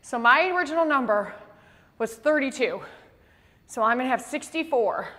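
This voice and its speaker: A woman fitness instructor leading a workout class, out of breath and slightly hoarse, counting reps aloud between heavy exhales. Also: high-pitched, expressive, moderate pace, sharp tone. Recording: long reverb in a big room.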